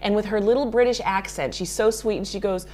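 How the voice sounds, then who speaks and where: A woman's voice: mid-range voice, brisk, a little mellow, a little hiss or hum. A woman makeup artist answering interview questions in a chatty way, laughing often and restarting her sentences.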